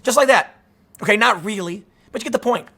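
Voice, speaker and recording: Male commentary host, high-pitched, tense and bright tone, rambling and animated. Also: a little fast, gravelly, breathy edge. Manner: rambling and animated, repeating himself and acting out imagined dialogue. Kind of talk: casual political commentary.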